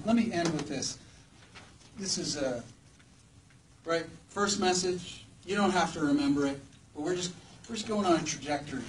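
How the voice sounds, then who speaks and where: A man preaching a sermon to a live audience in a church hall, conversational and joking, often putting questions to the listeners. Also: on the high side. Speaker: preacher at a campus ministry gathering. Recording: distant mic with faint background noise.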